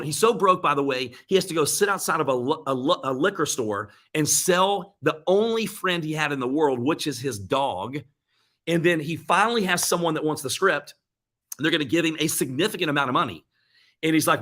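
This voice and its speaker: An earnest man gives a motivational talk, slightly higher-pitched than most men. He retells comeback stories in quick bursts, often restarting his sentences. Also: expressive, sharp tone. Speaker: motivational speaker.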